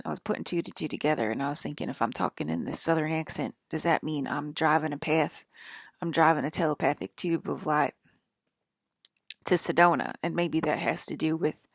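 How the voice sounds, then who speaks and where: Low, gravelly rambling woman vlogger. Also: dry recording, studio quality. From northern US. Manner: rambling, many fillers and restarts, tangents. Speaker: online broadcaster. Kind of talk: casual rambling monologue.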